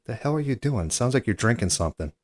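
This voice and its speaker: A man's voice: mid-range voice, animated, quick pace, a little hiss or hum. A man hosting a comedy podcast, talking hesitantly with stammers and a skeptical tone. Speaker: podcast host. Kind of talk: comedy podcast prank call.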